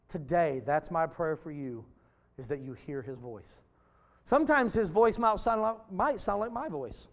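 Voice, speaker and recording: High-strung male preacher in a reverberant hall. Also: expressive, measured pace. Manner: high-strung, swings from loud bursts to hushed near-whispers. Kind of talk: sermon.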